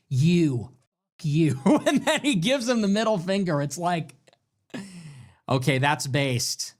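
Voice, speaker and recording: A man hosts a ranting political talk show in a voice pitched a little high for a man. He is animated and swings between loud bursts and low muttered asides as he rants on. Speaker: show host.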